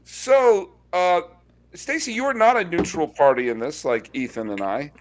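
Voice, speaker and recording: A man hosting a sports podcast, chatting casually and telling wry stories with quick asides. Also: fairly high pitch, a little hiss or hum. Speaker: podcast host.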